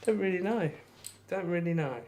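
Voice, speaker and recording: A man's voice: high voice, normal speed, darkish tone. Chatty young man streaming darts. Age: young adult. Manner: rambling, self-deprecating, reads out and answers chat. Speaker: darts livestreamer. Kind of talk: casual live-stream chat while throwing darts.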